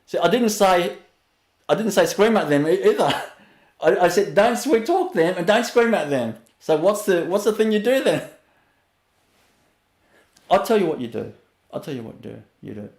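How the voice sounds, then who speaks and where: A man giving a spiritual webinar talk, laughing often between phrases and sinking to a soft low voice to show calm. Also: normal speed, pauses often, echoey room. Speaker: spiritual teacher.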